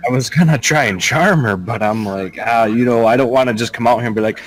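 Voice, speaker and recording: A man's voice: mid-range voice, quick pace, poor audio. A man playing a tabletop game, chatting casually, joking and rambling with frequent restarts. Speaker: player. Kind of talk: casual chat among tabletop players.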